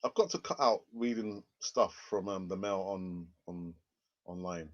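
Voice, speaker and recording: A man's voice: deep voice, a little slow. A man hosting a live football news stream, chatty and rambling with sarcastic asides. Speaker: football channel host. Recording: dull lo-fi stream audio.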